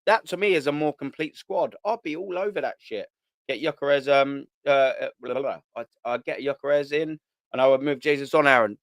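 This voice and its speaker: This clip has a man's medium-pitched voice at a moderate pace, recorded without echo. He hosts a live fan stream, reading viewer comments aloud in blunt, slangy chat, swearing and repeating himself as he goes.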